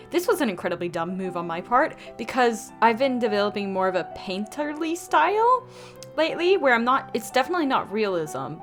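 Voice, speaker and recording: A young woman with a Southern US accent, chatting casually and telling stories over her speedpaint video. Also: mid-range voice. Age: young adult. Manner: chatty, animated, quotes people in put-on voices. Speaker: artist vlogger.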